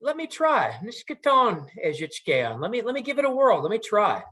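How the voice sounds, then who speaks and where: A man voicing a small, timid male muskrat in a squeaky, high, pleading voice while telling a story. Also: huge pitch swings, normal speed, a bit bright, exaggerated voice. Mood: eager. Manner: earnest, pleading.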